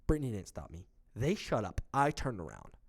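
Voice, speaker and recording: A man's voice: lowish voice, huge pitch swings, fairly quick, creaky. A man co-hosting a casual podcast, telling a heated story with lots of swearing and acted-out quotes. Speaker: podcast co-host.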